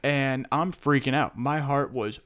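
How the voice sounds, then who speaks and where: A young man in casual chat, telling an animated story about his own panic on a flight, swearing freely. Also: medium pitch, measured pace, noisy background.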